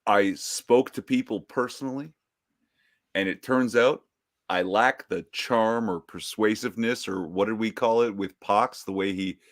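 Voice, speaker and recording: A man with a lowish voice chats casually as a podcast co-host. He is wry and quick with a joke, and his talk is loose and offhand. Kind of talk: casual chat.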